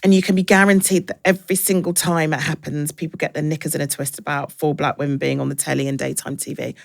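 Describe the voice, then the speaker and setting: A woman in her forties, a broadcaster guest in an interview, talking frankly and telling lively stories. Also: deep voice, fast, gravelly, dry recording. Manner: frank, anecdotal, lively storytelling. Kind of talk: casual interview chat.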